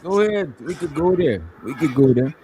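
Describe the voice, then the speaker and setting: A man's voice: a little high, lively intonation, normal speed, background noise. A man arguing on a live stream panel, mocking and interrupting, cutting in with "wait a minute.". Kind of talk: heated argument on a live stream.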